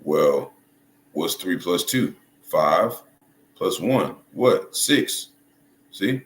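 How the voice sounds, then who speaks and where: A man giving casual video commentary as a religious commentator, halting and hunting for words, often checking in with his listeners. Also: sits low, lively intonation. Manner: halting, restarts and hunts for words, checks in with "right?" and "you see?". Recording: echoey room with faint noise.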